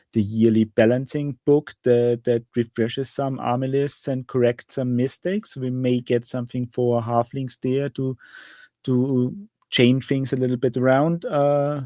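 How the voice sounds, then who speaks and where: A man co-hosting a casual hobby podcast, speaking at an ordinary middle pitch. He talks in a thoughtful way, often restarting as he searches for the right word. His voice is recorded very dry, with no room sound. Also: mellow, no room sound. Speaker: podcast co-host.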